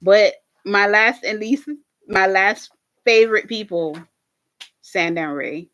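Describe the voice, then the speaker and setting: Slow-talking woman recapping a show. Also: mid-range voice. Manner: animated, swearing, laughing often, speaking straight to viewers. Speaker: reaction video host. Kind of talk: casual recap of a TV episode.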